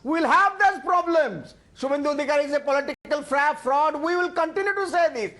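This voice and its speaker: A man's voice: extremely high pitch, a little fast, a bit bright. A man with an Indian English accent, a professor on a TV debate panel, pleading and repeating himself while arguing over others. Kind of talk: heated TV debate.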